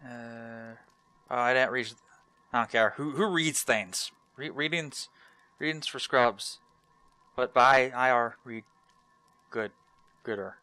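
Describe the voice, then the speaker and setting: A young man hosting a relaxed let's play, talking in a laid-back, rambling and self-mocking way. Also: medium pitch, slow pace, long pauses, clean tone, no room sound. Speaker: gaming channel host.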